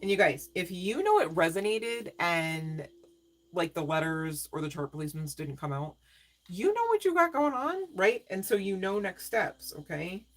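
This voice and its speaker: A woman's voice: on the low side, expressive, moderate pace. A woman doing a live-stream tarot reading, talking straight to viewers in a chatty way, often asking "right?" and laughing. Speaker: tarot reader.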